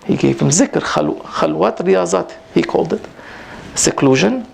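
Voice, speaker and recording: Gravelly-voiced man preaching with animated emphasis. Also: normal speed, a little hiss or hum. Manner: animated, rises in pitch for emphasis, mixes in Arabic phrases. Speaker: Sufi teacher giving a talk. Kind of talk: informal religious talk to a gathering. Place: prayer hall at a community gathering.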